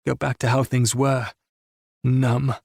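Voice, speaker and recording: Husky male audiobook narrator. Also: medium pitch, flat delivery, slow pace, a little mellow, no room sound, studio quality. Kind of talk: first-person romance audiobook narration.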